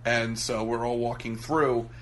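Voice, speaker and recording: A man's voice: mid-range voice, level tone, measured pace, fairly bright tone, a little hiss or hum. A man co-hosting a podcast in casual chat, joking and swearing as he tells stories. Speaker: podcast co-host.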